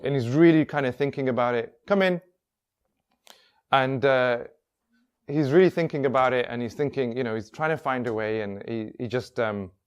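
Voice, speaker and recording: A man tells a story in a casual, rambling manner. He circles back on himself and leans on "he's like" to carry the events along. His voice sits at an ordinary middle pitch. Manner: rambling, full of "he's like" and restarts. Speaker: workshop speaker.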